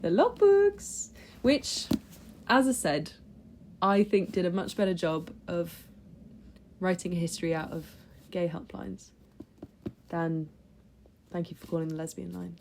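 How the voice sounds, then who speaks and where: Young female book vlogger, low-pitched and mellow, chatty and eager. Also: lively intonation, a little slow, gravelly, slight background noise. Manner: chatty and enthusiastic, with many fillers and restarts. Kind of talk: casual book review chat.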